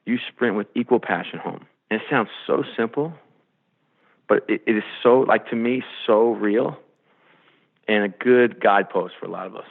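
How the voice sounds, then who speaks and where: Man, low gravelly voice, animated storyteller, tinny phone line. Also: moderate pace. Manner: animated storyteller, acts out quotes. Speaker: sports executive guest. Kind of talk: storytelling in a podcast interview.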